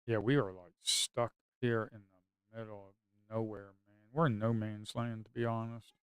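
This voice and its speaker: Man, live trading commentary, grumbling to viewers, smooth clear voice, dry close sound. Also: fairly low pitch, normal speed, dry recording. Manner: grumbling, talks to viewers as folks, sudden excited outbursts. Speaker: day trader streaming live. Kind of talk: casual live market commentary.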